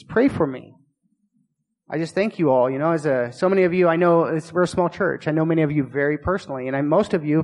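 A man's voice: on the high side, in a large hall, poor audio. A man preaching a sermon as pastor of a small church, earnest and confessional, often repeating himself, just getting over being sick. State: recovering from illness.

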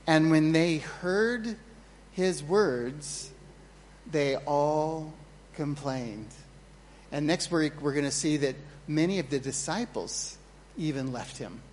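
A man preaching a sermon as pastor, earnest and storytelling, with animated retellings of his own moments of panic. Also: fairly high pitch, big-room sound, slight background noise. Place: church hall.

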